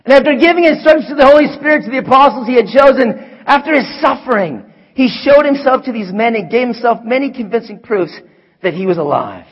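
Animated preaching man, high voice. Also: fairly quick, slightly rough, muffled recording. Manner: animated, shifts from hushed to shouting. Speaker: pastor. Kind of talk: sermon. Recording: long hall reverb.

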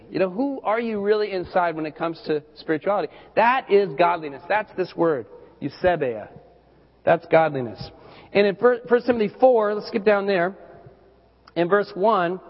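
High-voiced man preaching in an echoey hall. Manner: conversational, repeats words as he goes. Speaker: pastor. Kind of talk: sermon. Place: church hall. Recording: dull lo-fi recording with hall reverb.

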